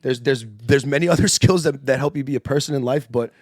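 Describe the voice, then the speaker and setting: A man's voice: medium pitch, fast talker, a little mellow, no room sound, clean studio sound. A young man in his twenties co-hosting a podcast, chatting casually and animatedly, swearing freely and laughing often. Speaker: podcast co-host, pitching coach.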